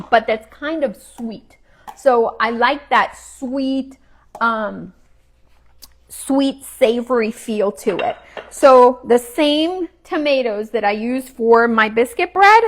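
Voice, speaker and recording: A woman's voice: on the high side, slow pace. Chatty woman cooking at home. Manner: chatty, relaxed, talks while cooking and chewing. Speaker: cooking vlogger. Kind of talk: casual kitchen demo. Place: home kitchen.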